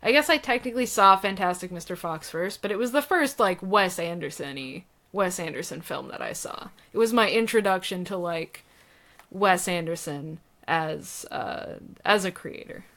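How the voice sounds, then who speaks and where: A woman co-hosting a podcast, chatting casually about films, animated and laughing, with many fillers. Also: fairly low pitch, moderate pace. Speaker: podcast co-host. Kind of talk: casual film discussion.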